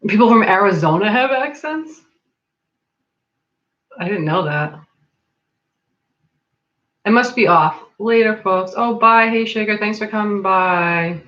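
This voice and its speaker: A woman's voice: mid-range voice, animated, takes it slowly, long pauses, fairly bright tone. New england lady chatting on her livestream, lots of "like", giggly, kinda muffled sound. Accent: Massachusetts, between Boston and Rhode Island. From Massachusetts. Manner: chatty, laughs often, many "like" fillers, swears casually. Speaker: livestream host. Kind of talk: casual livestream chat reading comments.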